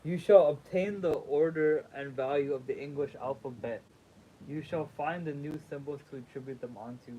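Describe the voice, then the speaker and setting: A man's voice: fairly high pitch, moderate pace, lo-fi sound, slight background noise. A sleepy man reading a sacred text aloud as a livestream host, stumbling over words, rereading them and making casual asides.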